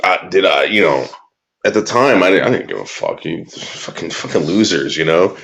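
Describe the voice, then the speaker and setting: A man's voice: low voice, very animated, normal speed, vocal fry, fairly bright tone. A man ranting crudely and bitterly in casual talk, drawling some words and muttering others. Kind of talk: profane casual rant.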